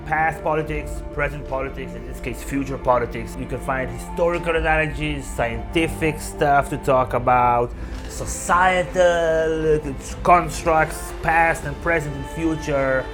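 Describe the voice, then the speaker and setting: A man hosting a casual chat, talkative and enthusiastic, full of geeky excitement. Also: a little high, a little slow, music in the background. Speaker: host.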